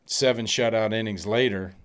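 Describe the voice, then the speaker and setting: A middle-aged man with a fairly low voice tells stories in a relaxed chat. He talks in an animated way and laughs through his own punchlines. It sounds like an easygoing conversation. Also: normal speed. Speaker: retired baseball pitcher guest. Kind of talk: casual storytelling chat.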